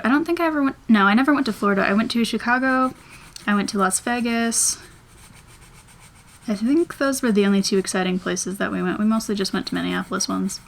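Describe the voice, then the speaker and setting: Woman, 20s, vlogger, mid-pitched, chatty and rambling, thinks aloud while drawing. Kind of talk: casual chat while drawing.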